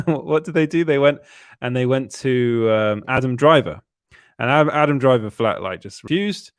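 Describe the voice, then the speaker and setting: A man's voice: mid-range voice, animated, measured pace. A man co-hosting a film podcast, talking with enthusiasm and frequent restarts. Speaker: podcast co-host. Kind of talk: casual chat about films.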